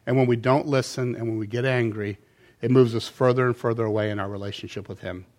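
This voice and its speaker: A middle-aged pastor preaches animatedly at a quick pace in a medium-pitched voice. He swings between loud emphasis and quiet asides.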